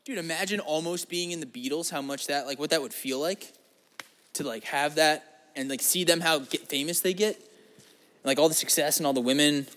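A man's voice: on the high side, moderate pace, a bit bright. A young man talking straight to his audience in a loose, wandering monologue. He swears constantly, cracks crude jokes and drifts from one tangent to the next. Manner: crude, profane and jokey, wandering off topic. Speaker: vlog host. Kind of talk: rambling casual monologue.

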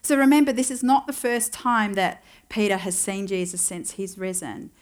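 A woman's voice: mid-range voice, steady tone, moderate pace. Woman preaching with wry, reflective asides. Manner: conversational storytelling with wry asides; reflective, wondering aloud. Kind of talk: sermon.

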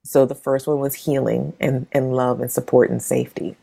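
Very deep, gravelly-voiced woman storyteller. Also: moderate pace. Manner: animated, acts out quoted voices with big pitch jumps. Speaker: interview guest, zine maker. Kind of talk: casual storytelling conversation.

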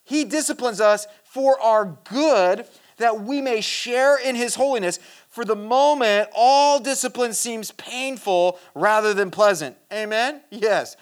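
A preacher giving a sermon in a casual, earnest way, reading scripture and talking to the listeners directly. They often restart and repeat words, and they drop into a quiet, low voice to stress a point. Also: slow, few pauses. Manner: addresses the listeners directly as "guys" and asks for "amen"; drops to a quiet, low voice for emphasis.

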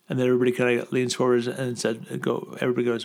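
A man's voice: medium pitch, very fast, gravelly, hardly any pauses. A man as a guest on a conversational show, telling a story and acting out the people in it. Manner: lively, acts out quoted voices in the story. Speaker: guest speaker.

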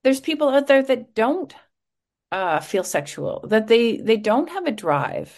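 A woman's voice: a little high, unhurried. A middle-aged woman, a podcast host being interviewed, chatting casually and acting out quotes as she tells stories. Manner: animated storytelling, acts out quotes.

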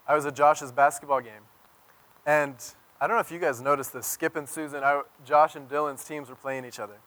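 A man preaching a sermon as pastor, telling stories and swinging from loud emphasis to near-whisper. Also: fairly high pitch.

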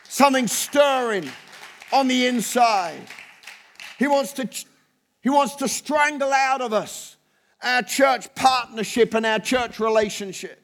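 A man's voice: very high-pitched, unhurried, fairly bright tone. A man preaching a fervent sermon as pastor, building his points through rhythmic, repeated phrases. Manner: impassioned preaching with rhythmic repetition.

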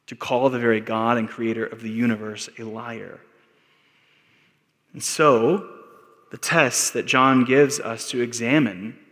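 A man with an American accent preaching a sermon as pastor, earnest and building to emphatic peaks. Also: mid-range voice. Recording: long hall reverb.

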